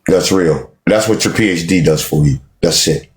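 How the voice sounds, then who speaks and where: A deep-voiced man hosts a live stream at a normal pace, talking down to callers. He's combative and dismissive, lecturing them and repeating his points over and over.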